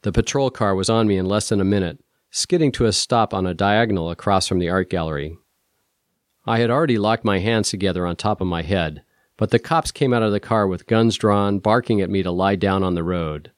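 Man reading a crime story out loud, lowish voice, steady and measured, dead dry studio sound. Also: no room sound. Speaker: audiobook narrator. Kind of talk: first-person scripted narration.

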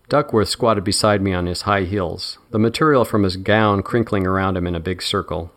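A man giving a measured, wry first-person audiobook narration. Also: low-pitched, a bit bright.

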